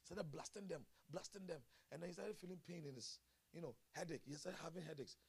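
A male pastor preaching a sermon at a church service, chuckling often and swinging from quiet murmurs to loud exclamations. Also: a little high, fairly quick, vocal fry, slightly rough.

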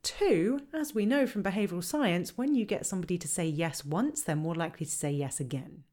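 A woman on a podcast explaining how to handle complaints, lively and acting out the lines customers and staff might say. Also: on the low side, a little fast. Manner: animated, acts out quoted dialogue. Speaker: customer service trainer.

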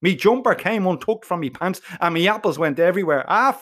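A man's voice: high voice, brisk. A man telling a comic first-person story, full of swearing and slang. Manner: profane, slangy, animated.

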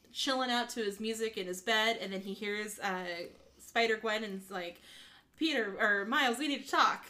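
A woman co-hosting a podcast, casually retelling a film scene by scene with lively quoted lines and laughter. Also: medium pitch. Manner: animated retelling, acting out lines, frequent laughs. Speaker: podcast co-host. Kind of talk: casual movie recap chat.

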